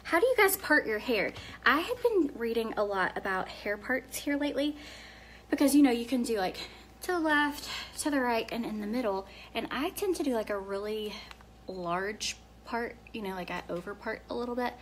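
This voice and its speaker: A woman from Tennessee with a Southern accent, chatting casually on a live phone video, answering viewer comments and dropping to soft murmurs while she works. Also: on the high side, lively intonation, moderate pace, slight background noise. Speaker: live-stream hair demonstrator.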